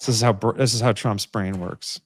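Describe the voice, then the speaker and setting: A man's voice: fairly low pitch, fairly even intonation, brisk, slight background noise. A man hosting a live political commentary stream, talking in a rambling way with many restarts and emphatic repeated phrases. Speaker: host.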